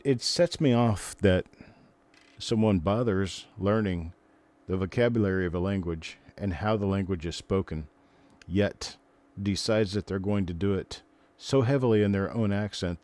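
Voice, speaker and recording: Older male stream host with a deep voice, chatty and rambling, talking casually to viewers. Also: a little slow, a little mellow. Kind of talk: casual live stream chat.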